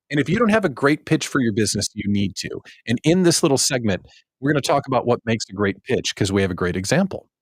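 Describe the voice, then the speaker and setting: A man's voice: medium pitch, big pitch swings, fast, a bit bright, husky, no room sound. A man hosting a small business show, telling stories in a casual, self-mocking way and acting out his own past thoughts. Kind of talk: casual livestream monologue.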